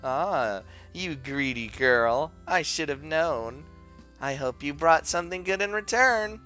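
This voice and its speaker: A man voicing a composed, teasing teenage girl in a soft, dry voice while reading a visual novel aloud. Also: a little high, expressive, slow pace, faint music behind, voice pushed up, heavily acted.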